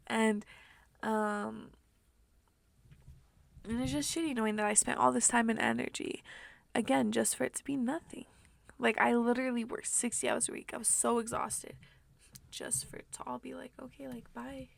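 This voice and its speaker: A young woman vlogger rambling through an emotional personal monologue, soft and tearful, with many fillers. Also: a little high, fairly even intonation, normal speed, creaky, dry recording.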